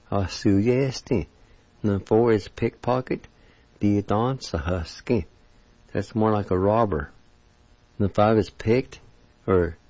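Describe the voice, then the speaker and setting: A man teaching vocabulary on a radio language lesson, sounding out each word syllable by syllable in slow drills. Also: fairly low pitch, mellow, no room sound, muffled recording.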